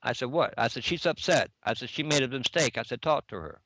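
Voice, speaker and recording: A middle-aged online game player casually recounts a dispute from a chat, reading back the messages and saying "I said" over and over. His medium-pitched voice is animated, brisk, and fairly bright, on a low-quality recording with a little hiss or hum.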